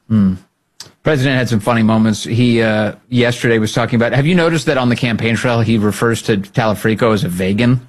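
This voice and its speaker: A man hosting a political podcast, talking in a sarcastic, animated way and often laughing at the clips he plays. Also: mid-range voice, a little fast. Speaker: podcast host. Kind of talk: political commentary.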